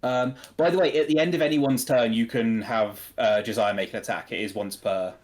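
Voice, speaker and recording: A man narrating a tabletop game as game master, relaxed and hesitant, with many filler words. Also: medium pitch, a little fast. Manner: relaxed, hesitant with frequent ums.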